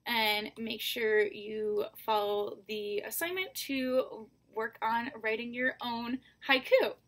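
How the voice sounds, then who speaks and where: Speaking slowly in a rather high, fairly bright voice, a woman teaches a recorded lesson. She addresses her students head-on, counting each syllable with patience.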